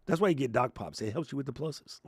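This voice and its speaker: On a livestream, a man hands out casual tech tips in a medium-pitched, animated voice that moves quickly and carries a breathy edge. He rants sarcastically, cracks jokes, and mimics people in mocking voices, then relaxes into muttering while he works his computer. The dry recording comes from a lapel mic clipped to his chest.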